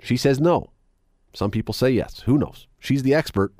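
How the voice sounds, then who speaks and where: Wry radio host, lively delivery. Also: male voice, medium pitch, moderate pace, dry recording, clean studio sound. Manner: chatty and wry, reading items aloud with sarcastic asides. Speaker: radio talk show host. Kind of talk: radio talk show commentary. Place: radio studio. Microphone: studio microphone.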